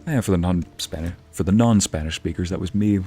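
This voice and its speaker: Low-pitched guy streaming a game, chats with viewers, tosses in spanish phrases, faint music under him. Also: fairly quick, mellow. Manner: chatty, reads and answers chat aloud, drops into Spanish phrases. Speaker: streamer playing a video game. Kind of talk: casual live-stream chat with viewers.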